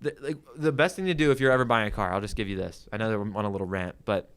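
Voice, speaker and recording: A man's voice: fairly low pitch, racing, fairly bright tone, clear, resonant tone. A young man who works as a car salesman tells a rambling story on a casual podcast, leaning on "like" and swearing freely.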